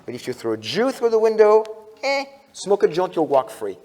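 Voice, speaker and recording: A man's voice: high-pitched, wildly swooping pitch, moderate pace, mellow. A man giving a conference talk in a church, telling anecdotes in a conversational way with many restarts and fillers. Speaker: conference speaker. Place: church hall. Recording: long church hall reverb.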